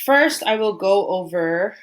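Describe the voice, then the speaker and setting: A young adult woman teacher explaining in a casual, relaxed way, with many "um" and "like" fillers. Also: mid-range voice, unhurried. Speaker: special education teacher. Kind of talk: casual instructional talk.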